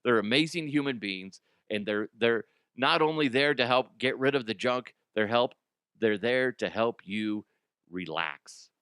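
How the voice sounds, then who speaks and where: A sports radio host with a medium-pitched, fairly bright, smooth voice speaks a little slowly on a casual talk show. He jokes and mocks himself while reading a sponsor ad, jumping into silly voices. The recording is dry and studio quality.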